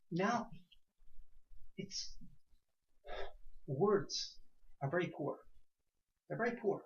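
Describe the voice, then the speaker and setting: Man teaching in an echoey room. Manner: rhetorical questions, sudden rises in pitch and loudness. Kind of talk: class discussion. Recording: echoey room, dull lo-fi sound.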